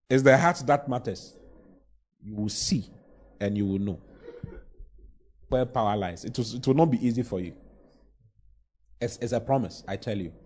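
A man preaching a sermon from the pulpit, his voice sitting a touch higher than most men's. He drives his points home with emphatic, rising exclamations and slips into playful mock voices. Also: darkish tone. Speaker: pastor.

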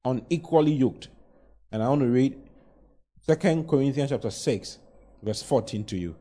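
A man's voice: mid-range voice, moderate pace, dark tone. A man preaching a sermon, pushing key lines with emphatic, rising exclamations and playful mock voices. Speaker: pastor.

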